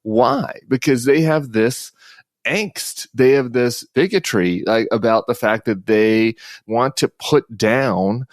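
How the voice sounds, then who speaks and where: A man speaking as a podcast guest in political commentary chat, talking fast and emphatically, often restarting sentences. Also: mid-range voice, lively intonation, no echo, clean studio sound.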